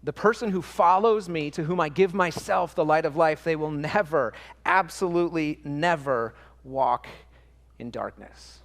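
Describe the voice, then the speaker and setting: A man with a somewhat high voice preaches in church. He speaks earnestly, pressing his points through repeated phrases and false starts, swinging between ringing emphasis and hushed, close tones. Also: unhurried, long reverb tail. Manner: earnest, emphatic repetition with hesitant restarts. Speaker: pastor. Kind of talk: sermon.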